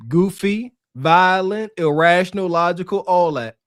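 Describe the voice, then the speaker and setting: A man's voice: high voice, a little slow, a bit bright, a little hiss or hum. A man co-hosting a podcast, giving casual, mocking commentary and laughing often. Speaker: podcast co-host.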